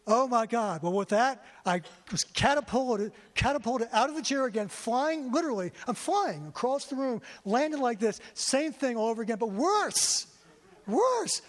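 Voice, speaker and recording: A man's voice: very high-pitched, lively intonation, moderate pace, hardly any pauses. A man preaching a sermon to a congregation, telling his story with feeling and often repeating himself. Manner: emotional storytelling, repeats words. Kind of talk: sermon testimony. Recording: long hall reverb.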